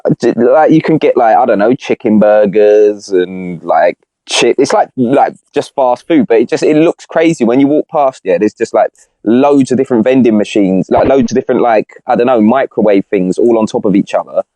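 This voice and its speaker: A man's voice: mid-range voice, expressive, moderate pace, mellow, no echo. A young man on a podcast, chatting casually in rambling slang with lots of restarts. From Britain. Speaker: podcast co-host. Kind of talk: casual chat.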